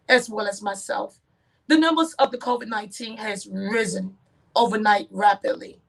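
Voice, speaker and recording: A woman host with a somewhat high voice. She talks in an earnest, prayerful way, repeating her appeals. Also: gravelly, fairly bright tone, low-quality recording.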